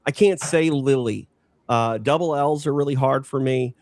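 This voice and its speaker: A man with a faint Minnesota accent talks as a podcast guest, keeping his voice easy and unprojected instead of using a broadcast delivery. His voice sits at an ordinary middle pitch. The recording is dry and close, with no room sound. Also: normal speed, darkish tone, no echo. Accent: slight Minnesota. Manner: low-key, unprojected everyday talk. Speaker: combat sports announcer, podcast guest. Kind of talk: casual interview chat.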